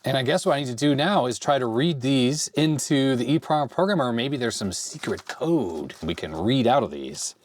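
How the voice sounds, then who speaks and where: A man in his forties with a slightly hoarse voice from a cold, casually thinking aloud as he tinkers with retro computer hardware. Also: medium pitch, animated, moderate pace, few pauses, slight background noise. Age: 40s. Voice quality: slightly raspy. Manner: rambling, thinks aloud while handling hardware. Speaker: retro computer video host. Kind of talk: casual hands-on tech vlog. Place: home workbench.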